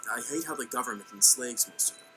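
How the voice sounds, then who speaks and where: A man plays a young hero who narrates his fantasy world in an animated series. He talks offhand and jokey, with asides to the viewer, at an ordinary pitch. Loud background music plays under him. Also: fast talker, natural voice, poor audio. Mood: laid-back.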